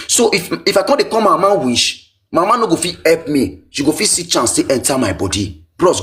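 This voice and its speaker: A man with a Nigerian Pidgin accent, telling his own life story in an emotional, repetitive way. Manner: animated, pitch swinging high and low, repetitive.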